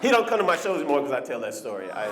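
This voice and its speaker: A man doing animated stand-up comedy on a club stage, teasing the crowd. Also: on the high side, very noisy.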